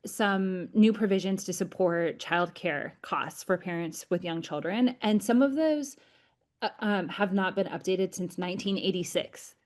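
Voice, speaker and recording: A woman guest in a casual chat, explaining her work in a measured way. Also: on the low side, darkish tone.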